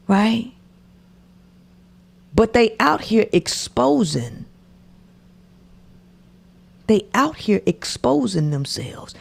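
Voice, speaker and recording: A woman's voice: medium pitch, very animated, very slow, gravelly, pauses often, breathy edge. A woman commentating on a podcast clip in a preachy way, repeating her points and often dropping to a whisper. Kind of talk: reaction commentary.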